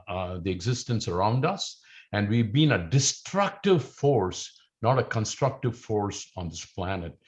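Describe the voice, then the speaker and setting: A man giving a measured, reflective spiritual lecture with slides. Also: medium pitch. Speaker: spiritual teacher. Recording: dull lo-fi sound.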